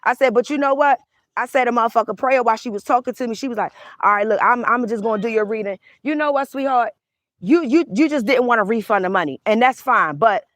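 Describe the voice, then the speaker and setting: A woman's voice: a little high, expressive, fast talker. A young adult woman, a tarot reader, telling a casual storytime rant, heated and profane, acting out both sides of an argument.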